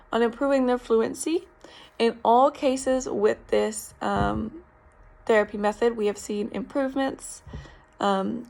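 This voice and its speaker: Gravelly young woman presenting an assignment. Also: fairly high pitch, a little mellow. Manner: informal, frequent ums, explanatory. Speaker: speech therapy student. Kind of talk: recorded class presentation.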